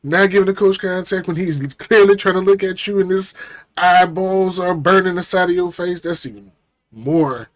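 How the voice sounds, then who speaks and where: A man hosting a reaction podcast, repeating punchlines and chiming in with quick remarks. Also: sits high, steady tone, no room sound, studio quality.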